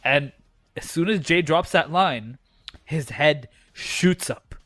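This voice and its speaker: Male co-host, higher-pitched, dry sound, excitable wrestling fan who swears freely. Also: slow, dry recording. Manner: excitable, acts out reactions with shouted quotes. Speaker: podcast co-host. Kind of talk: casual wrestling chat.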